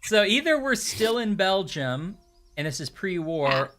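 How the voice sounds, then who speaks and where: Man, casual game commentary, wry humor, bright tone. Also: sits high, unhurried, slight background noise. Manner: wry, deadpan jokes, reads game text aloud. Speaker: game streamer. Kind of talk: casual let's-play chat.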